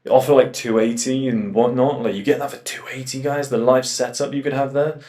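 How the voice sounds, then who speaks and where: A young man talking in a casual vlog, animated and swearing, telling travel stories with quoted asides. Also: mid-range voice, a little fast. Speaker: host.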